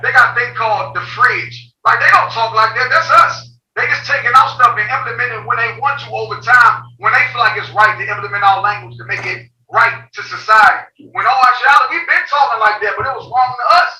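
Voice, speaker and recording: A woman's voice: a little high, fairly quick, hardly any pauses, bright, forceful tone, roomy sound, far from the mic, low-quality recording. A woman co-hosting a casual podcast discussion, talking emphatically and bluntly and swearing freely. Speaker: podcast co-host.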